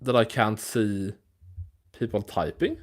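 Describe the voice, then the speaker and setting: A man's voice: fairly low pitch, lively intonation, slow. A man hosting a live MMA news stream, talking casually in a loose, rambling, profane way. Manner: rambling, loose and profane, with frequent restarts and fillers.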